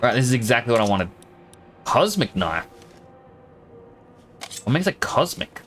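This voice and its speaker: Animated Australian man streaming a game. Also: mid-range voice, unhurried, slight background noise. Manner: chatty, joking, thinks aloud. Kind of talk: casual gameplay commentary.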